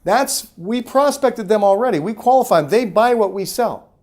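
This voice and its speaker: A middle-aged man with a slightly high voice delivers a motivational talk to salespeople. He is emphatic and coaching, pushing his pitch up and dropping it low, then getting loud and going quiet again to drive each point home. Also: lively intonation, moderate pace. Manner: emphatic, coaching, varies pitch and volume widely. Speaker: sales trainer, host.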